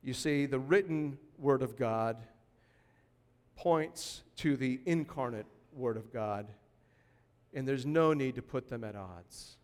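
A man pastor delivering a sermon in a lively, conversational way, punctuated by sudden emphatic bursts. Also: mid-range voice, takes it slowly, big-room sound.

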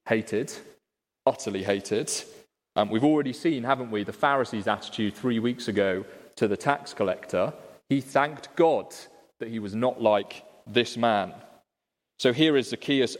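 Male preacher, mid pitch, chatty sermon full of rhetorical questions, long church-hall reverb. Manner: conversational, asks rhetorical questions. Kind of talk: expository sermon.

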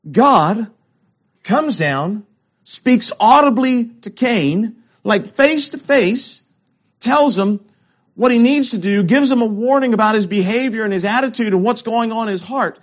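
High-voiced man preaching emphatically. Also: lively intonation, measured pace. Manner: emphatic, rhetorical questions, swings between loud and hushed. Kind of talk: sermon.

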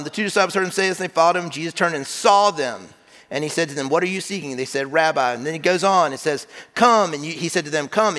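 A man preaching in a church, his voice bright and forceful and fairly high for a man. He talks in a conversational, emphatic way, often restarting a phrase. His words ring out with a long reverb around them. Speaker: pastor. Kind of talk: sermon. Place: church sanctuary.

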